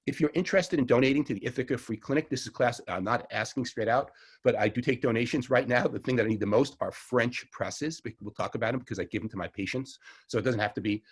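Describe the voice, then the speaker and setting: With a voice on the low side and a breathy edge, a middle-aged Long Island New Yorker gives a casual online herbalism lecture. He rambles and chats, frequently self-correcting with small laughs.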